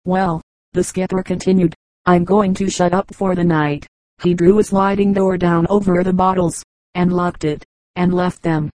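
A woman reads a classic adventure story aloud in a low, even voice with little rise and fall. Her tone is mellow and soft-edged. The recording is dry and close, with no room sound. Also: normal speed, dry recording, low-quality recording. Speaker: audiobook narrator. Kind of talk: scripted audiobook narration.

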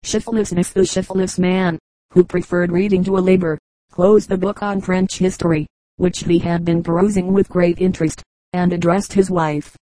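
A woman reading a collection of short humorous stories aloud as an audiobook narrator, in a steady storytelling manner. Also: on the low side, moderate pace, no echo, poor audio. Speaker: audiobook reader. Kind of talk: scripted narration.

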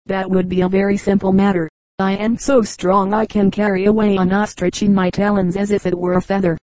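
Boastful storybook kite, male, smooth-talking; woman reads it. Dark tone. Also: mid-range voice, little pitch movement, brisk, no echo, lightly acted, poor audio.

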